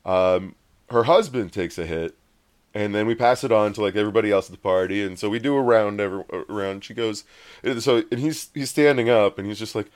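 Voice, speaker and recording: Smooth-voiced man telling a rambling story. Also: fairly low pitch, brisk. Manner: rambling, animated, acts out quoted voices. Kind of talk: casual storytelling chat.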